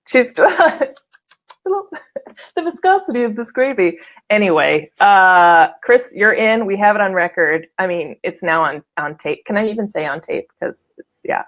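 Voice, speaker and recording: Woman, live show host, casual chat, laughs a lot, shout-outs, slightly muffled lo-fi sound. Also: medium pitch, very animated, a little slow. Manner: chatty, laughs often, gushing shout-outs to viewers.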